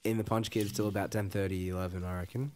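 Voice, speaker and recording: A man's voice: fairly low pitch, flat delivery, fast, over music. A man co-hosting a casual gaming chat, sleepy and rambling, trailing off and poking fun at himself. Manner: rambling, self-deprecating, trails off. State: sleepy, yawning. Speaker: podcast co-host. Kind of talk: casual chat over gameplay.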